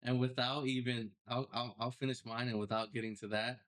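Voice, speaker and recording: A young man, a podcast guest, telling his personal story in a casual, animated way with loose slang. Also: medium pitch, fairly quick. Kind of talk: storytelling interview.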